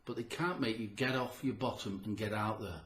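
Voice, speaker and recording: Breathy, emphatic man in an echoey room. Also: fairly low pitch, brisk, a bit bright. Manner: earnest and emphatic, repeats key phrases. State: audibly short of breath. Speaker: health vlogger. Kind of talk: motivational talk to camera.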